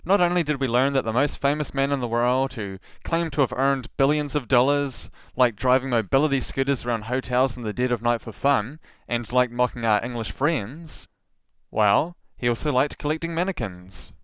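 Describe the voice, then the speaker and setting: A man hosting his own podcast, talking straight into a close mic with a smooth, resonant voice. The sound is dry with no room around it, and his delivery is scripted and full of sarcastic jabs. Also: medium pitch, moderate pace, fairly bright tone, no echo. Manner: sarcastic, dry mocking asides. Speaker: podcast host. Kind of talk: scripted solo podcast monologue.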